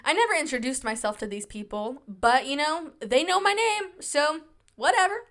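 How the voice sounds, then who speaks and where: High-voiced chatty woman in her twenties. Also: animated, moderate pace, a bit bright. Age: 20s. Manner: chatty, self-mocking storytelling with sarcasm. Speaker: podcast host. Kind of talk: casual chat.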